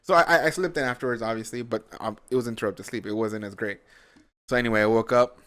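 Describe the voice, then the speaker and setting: A man rattles through a story at a quick clip, animated and profane, and jumps into the voices of the people in it. His voice sits at an ordinary middle pitch. It sounds like a relaxed podcast conversation. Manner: animated, profane storytelling that acts out his own and others' lines. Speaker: podcast host. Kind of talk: casual chat.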